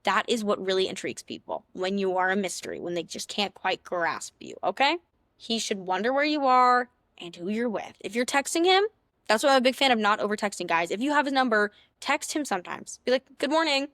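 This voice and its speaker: A woman's voice: mid-range voice, big pitch swings, a little fast, a bit bright, dry recording, clean studio sound. A young woman who hosts a podcast, giving sassy, playful dating advice in a casual big-sister tone. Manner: chatty, sassy, playful big-sister tone, acts out little scenes in other voices. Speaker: podcast host.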